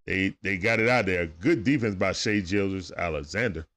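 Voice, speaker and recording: A man's voice: deep voice, normal speed, a bit bright. A man with speech doing loose, chatty play-by-play on a livestream, talking back to players and viewers. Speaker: livestream game commentator. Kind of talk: casual play-by-play commentary.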